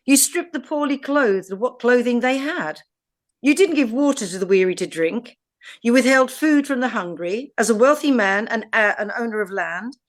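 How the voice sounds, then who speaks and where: English woman reading scripture, measured. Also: fairly high pitch. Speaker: podcast co-host.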